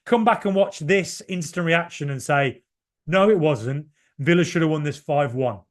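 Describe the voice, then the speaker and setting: A man's voice: fairly high pitch, normal speed. A man in his forties from Ireland, hosting a podcast and giving a rambling, passionate solo reaction to a football match. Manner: rambling, passionate, swings from shouting to muttering. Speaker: podcast host.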